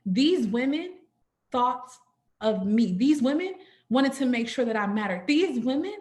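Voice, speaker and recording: A young woman telling a personal story to an audience at a sorority orientation, expressive, often stopping to ask "right?" and calling the listeners "y'all.". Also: fairly high pitch, unhurried. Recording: echoey room.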